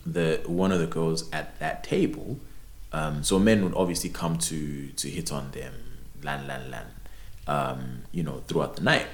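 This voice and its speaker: A young man chatting casually as a podcast host, swearing and repeating words as he tells an animated story. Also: a bass voice, a little slow. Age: young adult. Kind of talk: casual chat. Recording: roomy echo.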